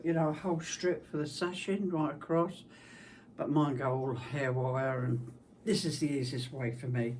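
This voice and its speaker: A middle-aged woman with a London-area English accent and a slight Scottish tinge, chatting casually in her husky smoker's voice about her quilting. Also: very deep voice, a little mellow. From southeast England. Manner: chatty, rambling, homely. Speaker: quilting channel host. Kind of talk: casual chat. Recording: distant mic with faint background hiss.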